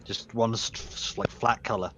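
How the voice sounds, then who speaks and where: A man's voice: lowish voice, steady tone, normal speed, background noise. Casual young male game master. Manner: casual, stumbling restarts while describing scenes. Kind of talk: narrating a tabletop game.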